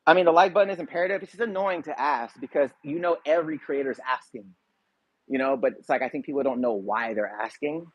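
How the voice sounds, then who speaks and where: A man's voice: a little high, fast talker, no echo, lo-fi sound. A man hosting a casual livestream, chatting straight to viewers in a laid-back, slangy way. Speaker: YouTube reaction channel host.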